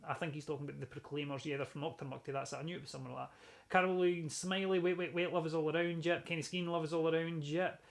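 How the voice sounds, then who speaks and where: Chatty high-voiced man hosting a live stream. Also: steady tone, fast talker, creaky. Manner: chatty, jokey, swears, sings snatches of songs. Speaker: host of a live-streamed music show. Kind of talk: casual live-stream chat reading comments.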